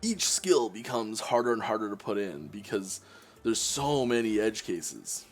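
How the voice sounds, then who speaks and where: A man's voice: on the low side, big pitch swings, a little slow. A Canadian man, a game developer, chatting casually on a live stream and answering viewer questions, with many restarts and fillers. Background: faint game music.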